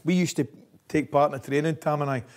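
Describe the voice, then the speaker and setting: Laughing Scottish former coach telling stories. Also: male voice, on the high side, fast. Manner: lively storyteller, laughs often, says "right?" constantly. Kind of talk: anecdotal interview chat.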